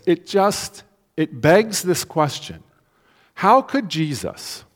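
A male pastor preaching a sermon in a conversational way, asking the congregation questions and acting out quotes. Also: high-pitched. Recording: long hall reverb.

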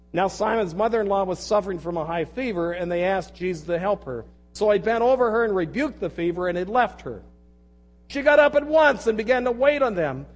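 A man preaching a sermon, reading scripture aloud with loud emphasis and dropping into quiet, intimate asides and prayer. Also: high voice. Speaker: pastor.

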